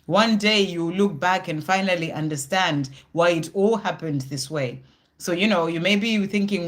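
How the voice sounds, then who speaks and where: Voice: mid-range voice, moderate pace, a bit bright. A tarot reader hosting a live question session, talking straight to viewers in a reassuring way with many "you know" fillers and thinking aloud between cards. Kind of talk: live card reading with viewers.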